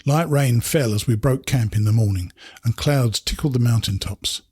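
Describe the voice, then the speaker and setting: Husky English man narrating a memoir. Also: mid-range voice, a little mellow, no room sound, clean studio sound. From England. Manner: measured, reflective storytelling. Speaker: narrator reading his hiking memoir. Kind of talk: first-person memoir narration.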